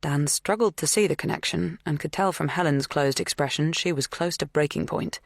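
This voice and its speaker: A woman narrating a suspense audiobook in a measured, even reading. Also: low-pitched, creaky, dry recording, clean studio sound. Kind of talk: scripted narration.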